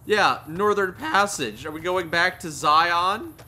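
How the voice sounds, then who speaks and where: Co-op chatter: man, high, bright, lively voice, faint noise behind. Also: takes it slowly. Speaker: gamer. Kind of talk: casual gameplay chat.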